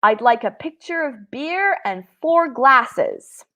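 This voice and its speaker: A woman's voice: high voice, animated, bright, forceful tone, heavily acted. A woman voicing a bar customer with an American accent, read from a lesson dialogue on a dull lo-fi webinar line. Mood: ordering. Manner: playful, quick shift between two roles.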